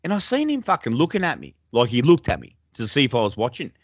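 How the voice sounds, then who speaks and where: A man's voice: mid-range voice, wildly swooping pitch, fast talker, slightly rough, no room sound, muffled recording. A young adult man with an Australian accent, telling stories in a laid-back, sweary way as a podcast co-host. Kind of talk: casual chat.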